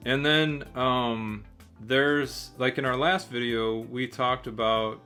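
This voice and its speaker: A man from Michigan co-hosting a casual chat, speaking in a relaxed, halting way with many "um" and "like" fillers. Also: medium pitch, soft background music. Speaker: co-host.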